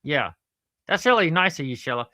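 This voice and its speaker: A woman's voice: low-pitched, very animated, fairly quick, pushed and bright, no echo, studio quality, heavily acted. A woman doing a ventriloquist voice for a cheeky male puppet platypus who teases her by name. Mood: teasing. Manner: teasing, keeps calling her by name.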